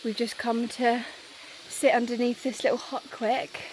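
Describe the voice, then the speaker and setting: Young Northern English woman, 20s, a bit high-pitched, upbeat travel vlogger, handheld outdoor sound with light hiss. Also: little pitch movement, measured pace. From England. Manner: chatty, upbeat, laughs often. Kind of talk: casual vlog chat. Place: outdoors in Thai countryside.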